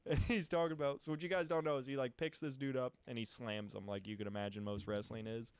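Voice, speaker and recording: A young man telling stories in a relaxed podcast chat, animated and quick to laugh, with casual swearing. His voice sits at an ordinary middle pitch. The recording is dry and close, with no room echo. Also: smooth. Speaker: podcast participant. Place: podcast studio.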